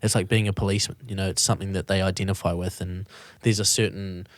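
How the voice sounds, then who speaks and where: A man's voice: deep voice, flat delivery, fast, dry recording. A man, hosting a podcast in casual chat, talking in loose, rambling runs with restarts and the odd swear word. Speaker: podcast host.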